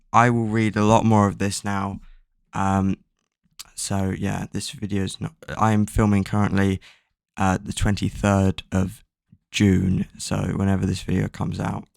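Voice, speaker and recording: A man's voice: on the low side, level tone, measured pace, creaky, no echo, clean studio sound. A man casually recapping a book's plot, rambling with lots of fillers and offhand swearing. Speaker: book recap vlogger.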